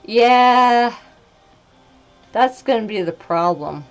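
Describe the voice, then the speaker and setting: Slow-talking woman chatting on a stream. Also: fairly low pitch, lively intonation, lo-fi sound, faint music behind. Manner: chatty, self-deprecating, stumbling over words. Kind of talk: casual live-stream chat.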